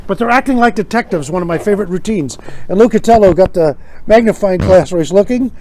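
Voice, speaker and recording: A man's voice: high voice, lively intonation, fast, warm tone, slight background noise. A man hosting a casual comedic monologue, wry and joking, acting out quoted gags. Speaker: host.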